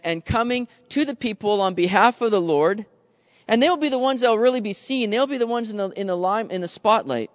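A man's voice: high voice, no echo, big-room sound, muffled recording. A man preaching a sermon in a conversational way, calling his listeners guys and acting out the complaining voices of the people he talks about. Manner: animated, acts out quoted grumbling voices. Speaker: pastor. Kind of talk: expository sermon.

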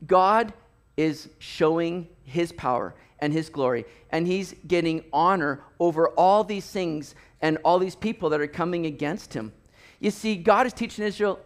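Man, high voice, pastor, lively sermon delivery, swings from loud to quiet. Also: unhurried. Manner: animated storytelling, acts out voices, rising to near shouts.

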